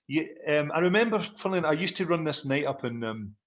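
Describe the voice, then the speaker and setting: A man's voice: a little high, expressive, quick pace, a bit bright, dull audio. A middle-aged man, a musician guest, telling rambling, self-deprecating anecdotes in a casual interview.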